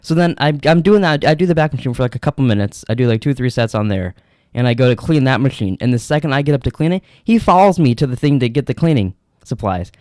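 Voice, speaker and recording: A man's voice: medium pitch, animated, fast talker, a little mellow, dry recording, studio quality. A young man co-hosting a podcast, telling rambling, profane stories in casual chat. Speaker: podcast co-host.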